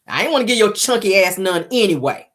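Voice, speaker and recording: A woman's voice: medium pitch, animated, fast, fairly bright tone. A woman hosting her own show, giving casual gossip commentary in a sassy, profane way, laughing often and acting out both sides of a scene. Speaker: show host.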